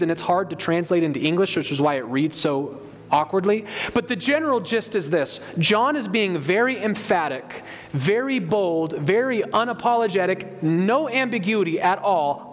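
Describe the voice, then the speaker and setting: A man's voice: sits high, lively intonation, normal speed. A man preaching a sermon, explaining a Bible passage emphatically and reading scripture aloud to his congregation. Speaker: pastor. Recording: long hall reverb.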